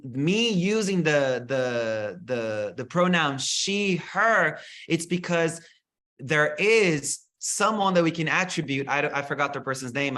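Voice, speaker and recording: Animated, bright-voiced man teaching spirituality. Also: medium pitch. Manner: expressive, swears, mocking put-on voices.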